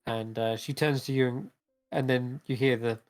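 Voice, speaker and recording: A man's voice: medium pitch, fairly even intonation, normal speed. A man narrating a tabletop game as game master in a casual, rambling way.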